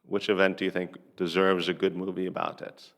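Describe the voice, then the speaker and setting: Low gravelly man asking practice questions. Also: flat delivery. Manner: measured, pausing between questions. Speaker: English teacher.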